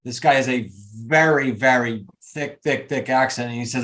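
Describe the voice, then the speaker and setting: A man coaching a group on a video call, talking in an emphatic, motivational way with quick asides. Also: medium pitch, fairly bright tone. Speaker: real estate coach.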